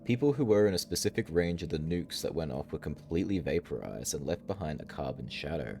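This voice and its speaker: Very deep, gravelly-voiced man streaming. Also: lively intonation, brisk, a little hiss or hum. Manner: wry, chatty, reacting aloud. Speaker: streamer playing a horror game. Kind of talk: casual live-stream commentary.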